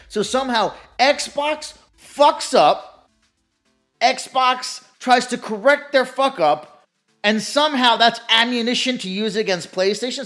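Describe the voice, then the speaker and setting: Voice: mid-range voice, fairly bright tone. A gaming commentator ranting in a sarcastic, profane way, laughing often and mocking others in put-on voices. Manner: mocks opponents with put-on quoted voices.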